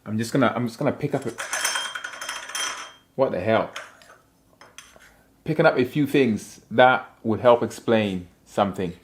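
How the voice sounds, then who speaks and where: A man's voice: lowish voice, unhurried, pauses often, a little hiss or hum. A man from Africa chatting casually on a livestream, reading viewer comments in a playful, rambling way and laughing often.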